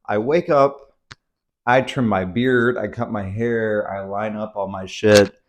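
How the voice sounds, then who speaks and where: A man's voice: fairly low pitch, steady tone, takes it slowly, slight background noise. A young man telling a story to his camera at home in a casual vlog, rambling, anxious and swearing freely. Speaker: vlogger. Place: at home indoors.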